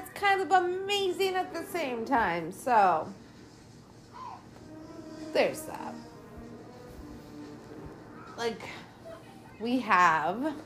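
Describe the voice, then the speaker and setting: A woman hosting a podcast, giving casual, exasperated commentary on a movie as she watches it, swearing often. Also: on the high side. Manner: lively, exasperated, heavy swearing. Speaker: podcast host.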